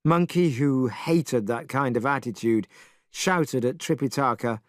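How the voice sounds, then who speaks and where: A man narrating a storybook clearly and expressively for English learners. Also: medium pitch, unhurried, no echo, clean studio sound.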